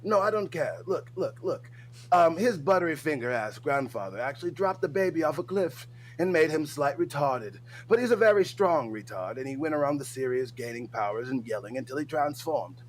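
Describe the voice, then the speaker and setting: A man putting on a pompous, stuffy fancy gentleman with overly formal, mock-posh diction as a comedy bit on a livestream. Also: fairly high pitch, wildly swooping pitch, quick pace, slight background noise, heavily acted.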